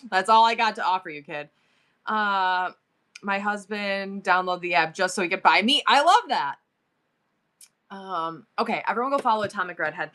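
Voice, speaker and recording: A woman's voice: mid-range voice, bright, forceful tone. A woman in her forties hosting a live selling stream, talking emotionally about her son and gushing thanks to viewers. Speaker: livestream seller.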